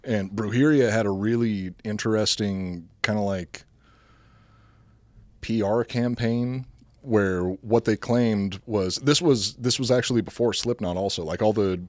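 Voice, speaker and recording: A man with a low voice co-hosts a casual podcast. He reads history notes in a loose, profane way and keeps breaking off to joke. The sound is close and dry, with no room echo. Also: measured pace. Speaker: podcast co-host.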